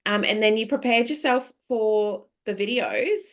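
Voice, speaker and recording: A woman's voice: mid-range voice, a little slow. A woman with an Australian accent hosting a podcast interview, chatty and encouraging, laughing easily. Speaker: podcast host. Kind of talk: casual interview chat.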